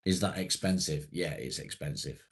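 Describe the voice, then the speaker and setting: A man's voice: extremely low pitch, moderate pace, husky. A man hosting a casual live stream, reading viewers' comments aloud, swearing freely and rambling in a self-deprecating way.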